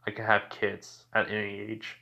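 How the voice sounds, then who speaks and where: A man voicing a teenage boy who has become a vampire, speaking calmly and flatly with quiet menace in a fan story. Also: lowish voice, normal speed, gravelly, dull audio, heavily acted. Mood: cold. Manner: calm, flat, menacing. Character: teenage boy turned calm, cold vampire.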